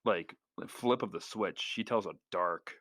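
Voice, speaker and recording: A man co-hosting a podcast in casual chat, animated and jokey, often acting out quotes from the film. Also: low voice, unhurried, no echo, studio quality. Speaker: podcast co-host.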